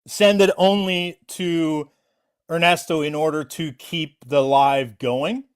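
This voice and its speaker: A livestreamer giving callout commentary in an animated, mocking way. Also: medium pitch, slow pace, clear, resonant tone.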